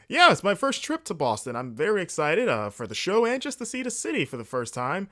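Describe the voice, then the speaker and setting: Animated, rambling male podcast host. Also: high voice, brisk, hardly any pauses. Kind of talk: casual solo podcast rambling. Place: indoors, late at night.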